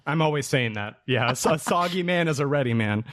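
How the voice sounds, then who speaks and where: A man's voice: medium pitch, a little fast. Man joking in mock-formal tone. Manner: mock-formal, deadpan jokes. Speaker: podcast guest. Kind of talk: casual chat.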